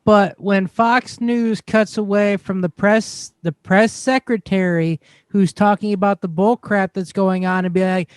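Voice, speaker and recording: A man's voice: sits high, fairly even intonation, unhurried, clear, resonant tone, dry recording. A man on a casual comedy podcast, ranting indignantly.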